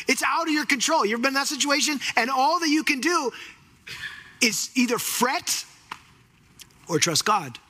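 A man preaching a sermon with a husky voice, animated and acting out the voices of the people in the story. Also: very high-pitched, a little fast.

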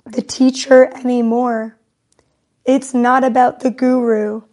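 A woman giving an emotional spiritual talk, emphatic and repetitive, near tears. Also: sits high. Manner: slow, emphatic, repetitive, tearful. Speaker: spiritual speaker.

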